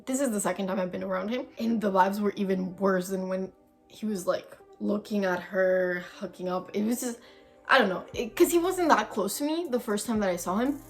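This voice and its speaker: A young woman vlogger telling a story in casual, dramatic chat, swearing freely. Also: medium pitch. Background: faint background music.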